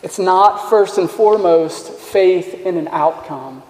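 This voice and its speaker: A man preaching a sermon in an earnest, emphatic way, dropping to quiet asides. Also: high-pitched, takes it slowly. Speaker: pastor. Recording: echoey hall with long reverb.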